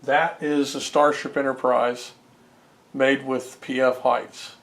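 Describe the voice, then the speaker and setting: A man's voice: mid-range voice, level tone, slow, a bit bright. Rambling man talking homebrew games. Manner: rambling, many fillers and restarts, chuckles. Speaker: homebrew game developer. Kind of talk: casual rambling commentary.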